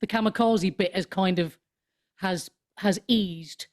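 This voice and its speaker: A woman in her fifties, a comedian and author, chatting in an interview in a rambling, animated way with many restarts. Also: medium pitch, slow pace. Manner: animated storyteller, swoops up into mock voices. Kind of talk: casual interview chat.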